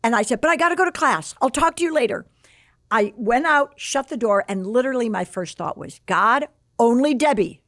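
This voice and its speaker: Lively, expressive woman in her sixties. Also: a little high, a little fast, no room sound, clean studio sound. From Chicago area, USA. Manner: animated, acts out quoted dialogue. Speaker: podcast guest. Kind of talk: personal storytelling.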